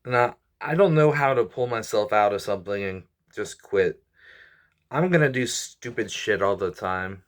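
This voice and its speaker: Here a man in his twenties talks with animation at a moderate pace, his voice sitting on the low side. As a YouTuber and comedian recording a venting vlog, he rambles, sighs a lot, apologizes often and sounds frustrated and worn out.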